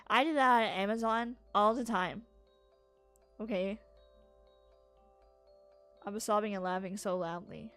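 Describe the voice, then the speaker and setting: A young woman streams a video game in loose, chatty commentary, cursing freely and breaking into laughter often. Her voice sits at an ordinary middle pitch. Soft game music plays faintly underneath. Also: a little slow, pauses often. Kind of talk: casual gameplay commentary.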